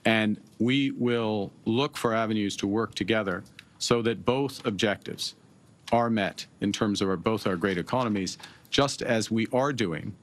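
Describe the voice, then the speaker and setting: A middle-aged man from Canada answering reporters' questions at a press conference, measured and halting, with many pauses and fillers. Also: on the low side. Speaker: prime minister at a press conference.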